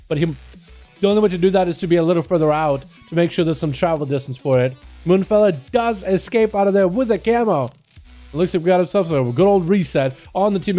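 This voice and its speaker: A man's voice: a little high, dark tone. A young man casually calling a match as a live game streamer. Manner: casual, chatty, fast play-by-play.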